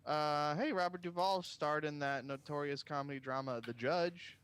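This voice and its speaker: A man's voice: on the high side, normal speed, a bit bright, smooth. A man co-hosting a comedy podcast, joking and laughing through casual chat. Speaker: podcast co-host.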